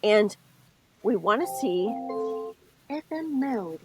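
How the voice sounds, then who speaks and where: A woman's voice: mid-range voice, animated, slow, over music, poor audio. A middle-aged woman co-hosting a podcast, telling stories and explaining things step by step in a casual chat. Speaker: podcast co-host.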